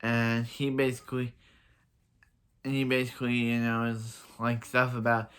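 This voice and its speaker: A man's voice: mid-range voice, monotone, normal speed, a bit bright, smooth. A man casually recapping and reviewing a TV episode, rambling with many fillers, restarts and the odd laugh. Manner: laughs at own jokes. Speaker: show reviewer.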